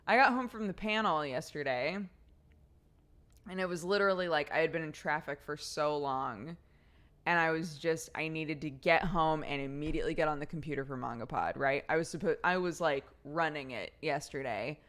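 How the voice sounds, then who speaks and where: A young adult woman streamer telling a story in casual chat, animated and chatty. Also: low-pitched, normal speed.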